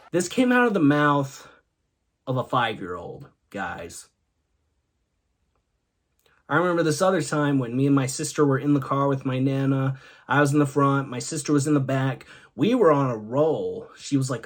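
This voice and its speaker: A man's voice: medium pitch, animated, moderate pace. A young man hosting a comedy show, telling goofy family stories and laughing along with them. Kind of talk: comedic storytelling monologue.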